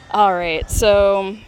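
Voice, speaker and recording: A streamer from the United States plays a mobile game live on a phone while walking outside through city streets. Speaking at medium pitch with slight background noise, they chat casually, giggle frequently, and use lots of fillers.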